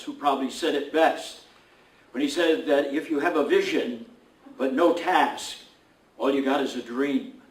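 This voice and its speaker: Solemn clergyman in a roomy hall. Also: mid-range voice. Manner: measured, solemn, with slow emphatic phrases. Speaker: clergyman giving a dedication prayer. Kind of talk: formal invocation and prayer. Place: indoor building dedication event. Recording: roomy, distant ceremony recording.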